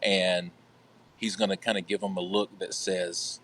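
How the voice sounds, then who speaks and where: A man's voice: sits low, flat delivery, a little slow, fairly bright tone. A man playing a tabletop game, thinking aloud hesitantly as he decides his move. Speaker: player. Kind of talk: casual tabletop play.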